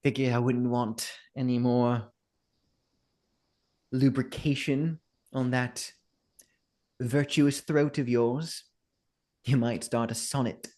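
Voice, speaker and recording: A man's voice: mid-range voice, steady tone, slow pace, long pauses, a little mellow, natural voice. A curt, sarcastic innkeeper woman, as a man puts her on in a tabletop game. She talks in dry jabs and holds back open anger.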